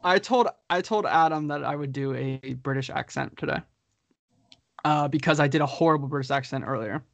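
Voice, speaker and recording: Guy cohosting a chatty podcast, kinda higher voice, laughs a lot, dry sound. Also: fairly quick, gravelly, a bit bright, no echo. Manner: reads listener questions, laughs often. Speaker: podcast co-host. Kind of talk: casual chat.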